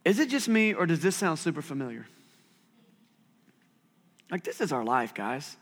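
A man's voice: fairly high pitch, big pitch swings, normal speed, in a large hall. A man preaching a sermon as pastor, talking conversationally with self-deprecating asides.

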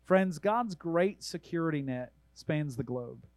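A man pastor delivering a sermon, preaching earnestly with emphatic exhortations and reading scripture aloud in a measured way. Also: a little high, animated, darkish tone, no echo, low-quality recording.

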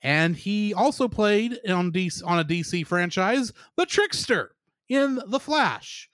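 A man's voice: high-pitched, animated, measured pace, fairly bright tone, no room sound, clean studio sound. A man co-hosting a casual podcast review, chatty and giggling often as he runs through the cast. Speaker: podcast co-host.

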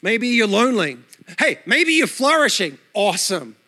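A man from Australia with an accent part Australian, part American, preaching a lively, conversational sermon to his congregation and asking them questions. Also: sits high, normal speed. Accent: Australian with some American. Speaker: pastor. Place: church sanctuary.

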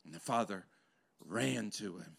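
A male pastor preaching to his congregation in a church. His delivery swings between loud, rising exclamations and quiet, intense passages. He drops in playful, conversational asides to the crowd. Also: fairly low pitch, expressive, a little slow, gravelly, breathy edge. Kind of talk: sermon. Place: church sanctuary before a congregation.

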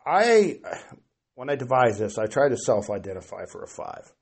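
A man's voice: medium pitch, sing-song, normal speed, gravelly, slightly rough. A middle-aged man on a podcast, talking in a rambling, self-deprecating way with lots of hesitant restarts. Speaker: podcast guest. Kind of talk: casual podcast chat.

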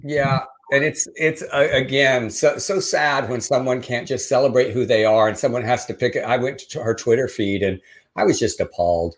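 A man's voice: medium pitch, moderate pace. An older man, co-hosting a casual news chat show and reading quotes in a mocking tone. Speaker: podcast co-host.

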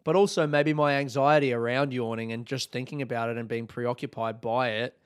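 Casual male podcast host, average pitch, loose unscripted monologue with swearing and yawns. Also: fairly even intonation, a little fast, clear, resonant tone. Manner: rambling, loose, swears freely; yawns often mid-talk.

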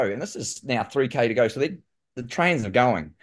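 A man with a New Zealand accent, a guest telling lively stories in casual conversation and saying "mate" often. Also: mid-range voice, moderate pace. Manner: animated, says "mate" often. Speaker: guest, former pro cyclist. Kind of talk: casual storytelling.

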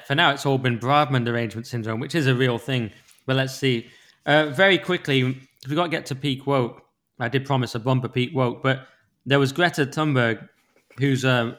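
A man hosting a casual political podcast, brisk and opinionated in his delivery. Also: mid-range voice, a bit bright. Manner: brisk, opinionated, quick-fire. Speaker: podcast host.

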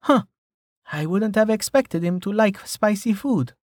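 A woman's voice: mid-range voice, expressive, measured pace, darkish tone, no echo, clean studio sound, pitched above the performer's own voice. A male narrator voicing a caring young woman healer who scolds bluntly. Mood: chiding.

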